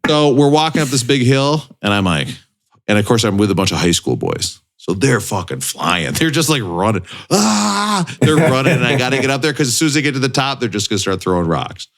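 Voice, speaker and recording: A man's voice: medium pitch, sing-song, fast talker. A man in his twenties, a podcast co-host, telling a long story in a casual, self-mocking way with plenty of swearing. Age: 20s.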